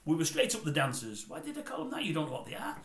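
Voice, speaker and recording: A man's voice: on the high side, wildly swooping pitch, fast talker, a bit bright. A middle-aged man, grumpily and sarcastically rambling through celebrity gossip as a comic host. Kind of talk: comedic celebrity gossip monologue. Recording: roomy echo.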